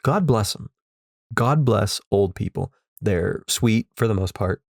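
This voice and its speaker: Low-voiced man in a sarcastic rant. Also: animated, takes it slowly, gravelly, no echo, clean studio sound. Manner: ranting, repetitive, sarcastic, swears. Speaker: podcast host. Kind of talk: comedic rant. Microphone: studio microphone.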